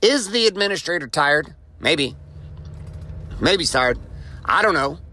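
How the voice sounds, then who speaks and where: On a low-quality recording, a man hosts a motivational podcast, telling a story and hammering home his main point by repeating key lines. His voice sits on the high side, with lively intonation, a measured pace, and a sharp tone.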